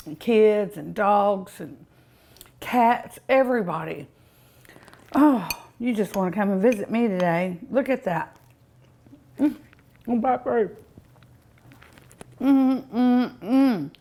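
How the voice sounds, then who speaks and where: A woman hosting a home cooking show, tasting dessert with drawn-out mms and ohs in a folksy, chatty way, outdoors at her home. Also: mid-range voice, darkish tone.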